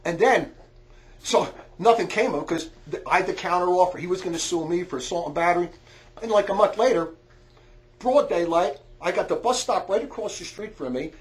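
A man telling a long, rambling story in a loud, heated way, often shouting and stumbling over restarts. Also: high voice, brisk. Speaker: storyteller on a talk recording.

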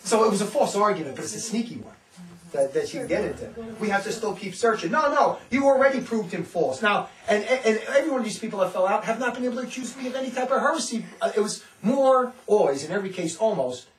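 A man's voice: sits high, expressive, fast talker, echoey room, far from the mic, low-quality recording. A man who leads a religious community, preaching in a fervent, informal way. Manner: fervent, often acts out others' words. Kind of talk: impassioned informal sermon.

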